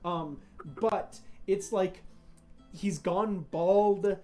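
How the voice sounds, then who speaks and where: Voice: mid-range voice, steady tone, very slow, mellow. A game master narrates a tabletop game in a loose, rambling way, full of fillers and laughter. Faint music plays in the background.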